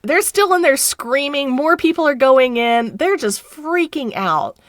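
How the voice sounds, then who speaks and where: A woman's voice: high-pitched, animated, a little slow, no echo, studio quality. A middle-aged woman telling a story as a podcast guest, laughing often and acting out the people she quotes. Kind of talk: casual storytelling.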